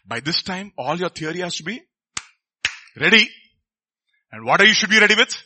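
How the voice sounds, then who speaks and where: A man's voice: sits high, very animated, normal speed, pauses often, bright, forceful tone, breathy edge. A middle-aged man, preaching a sermon in a conversational way and often asking the congregation questions.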